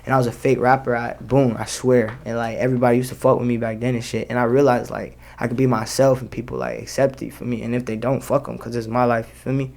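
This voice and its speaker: Gravelly young man talking loose slang. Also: mid-range voice, flat delivery, fast talker, few pauses, darkish tone. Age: young adult. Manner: slangy, loose, many fillers. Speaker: rapper guest. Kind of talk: casual interview.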